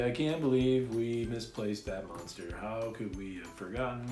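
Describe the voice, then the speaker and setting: A man's voice: lowish voice, normal speed, hardly any pauses, warm tone, reverberant, soft background music. A man hosting a review show in a casual, jokey way, playfully reading aloud with silly sound effects. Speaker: podcast host and film reviewer.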